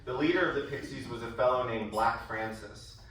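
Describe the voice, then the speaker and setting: A man's voice: mid-range voice, a little fast. A man giving a prepared speech at a school event, telling stories and livening up when he quotes others. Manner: storytelling, animated when quoting others. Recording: echoey hall from far off.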